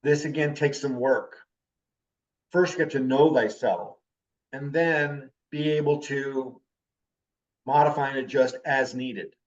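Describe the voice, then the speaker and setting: A man in his fifties teaching a class, his talk intense. His voice sits at an ordinary pitch. It was recorded from a distance on a dull, lo-fi recording. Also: slow pace, pauses often. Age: 50s. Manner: intense, animated talker.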